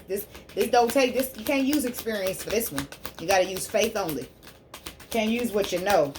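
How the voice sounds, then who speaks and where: A woman giving a tarot reading on her channel, preaching fervently to her listeners and softly repeating prayerful invocations as she draws cards. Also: medium pitch, a little hiss or hum. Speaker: spiritual healer and tarot reader.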